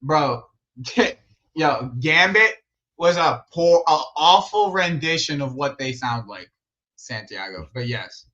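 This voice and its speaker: Picture a young man riffing through a live football watch-along, loose and slangy, tossing in "bro" and laughing between thoughts. His voice sits fairly high and sounds bright and forceful. It comes through a slightly muffled, lo-fi mic. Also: takes it slowly. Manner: animated, slangy, says "bro" a lot, laughs often. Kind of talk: casual live commentary chat.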